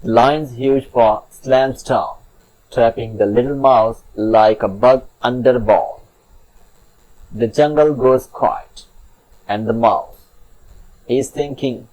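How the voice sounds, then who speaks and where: A man's voice: mid-range voice, slow pace, pauses often, a little mellow, poor audio. A man telling a children's fable in a chatty, playful storybook narration with asides to the listener.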